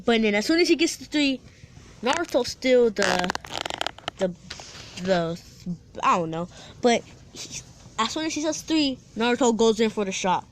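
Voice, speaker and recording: A woman with a slightly high voice casually tells a fan-fiction story to her viewers. She rambles, restarts her sentences often, and drops playful asides as she goes. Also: animated, normal speed, long pauses, a little hiss or hum.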